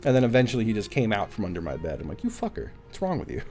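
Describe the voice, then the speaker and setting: A man's voice: on the low side, wildly swooping pitch, fast, warm tone. A man streaming a game live, chatting casually and animatedly with his viewers, swearing now and then. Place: at home.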